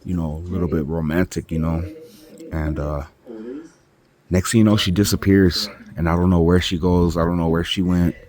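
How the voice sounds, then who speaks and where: A man's voice: deep voice, fairly even intonation, normal speed, a little mellow. A man from California telling a personal story in a casual, rambling way, full of "like" and "you know". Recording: crowd chatter clearly audible behind.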